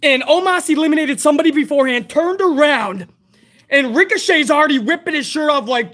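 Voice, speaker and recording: A woman's voice: high voice, a little fast, a bit bright. A woman hosting a live wrestling review stream, ranting bluntly and heatedly with plenty of profanity. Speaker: wrestling show host.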